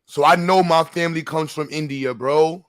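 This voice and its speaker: A man hosting a casual stream chat, talking in loud, profane, mocking banter. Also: fairly high pitch, fairly even intonation, moderate pace, smooth.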